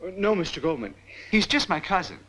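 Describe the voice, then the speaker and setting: A man's voice: high voice, sing-song, fairly quick, fairly bright tone, full character voice, rough recording. An actor playing a nervous, apologetic male aide in a film drama, stammering as he answers his boss. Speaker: personal aide.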